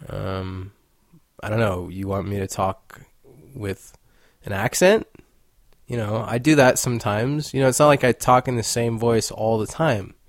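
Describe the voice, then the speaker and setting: A man's voice: lowish voice, steady tone, unhurried, no room sound, clean studio sound. A young man hosting his own podcast, talking in a playful, rambling, joking way. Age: young adult. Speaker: podcast host. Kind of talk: casual monologue.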